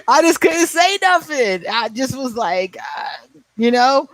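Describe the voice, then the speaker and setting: A man's voice: very high voice, lively intonation, slow pace, fairly bright tone, dry recording. Blunt, laughing man in his forties. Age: 40s. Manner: blunt, profane storytelling with frequent laughs; answers viewer comments by name. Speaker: livestream host. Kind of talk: casual livestream chat.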